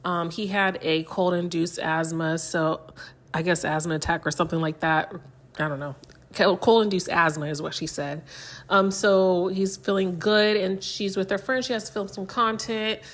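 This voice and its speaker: A woman's voice: on the low side, fairly even intonation, normal speed. Chatty young woman recapping TV. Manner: chatty, many fillers like "um" and "like". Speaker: reality TV recap host. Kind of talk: casual recap commentary.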